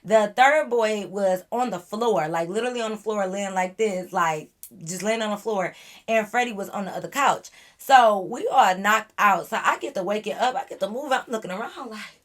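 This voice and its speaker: A young woman vlogger telling a wild storytime to her viewers in an animated, slangy way. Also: mid-range voice, normal speed. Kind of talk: storytime chat to camera.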